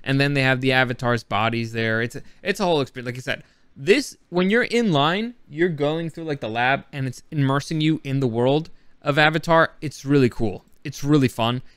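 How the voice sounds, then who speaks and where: A man's voice: medium pitch, fairly quick, a bit bright, clean tone, no echo, clean studio sound. Chatty man rambling over travel footage. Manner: rambling, chatty, many fillers and restarts. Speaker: vlogger.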